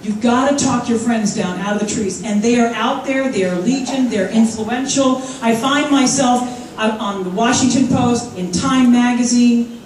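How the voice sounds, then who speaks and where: High-voiced woman rallying an echoey hall. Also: slight background noise. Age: 50s. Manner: energetic, joking, call-and-response with the crowd. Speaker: conference speaker. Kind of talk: rallying conference speech. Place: large conference hall. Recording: echoey hall from far off, faint crowd.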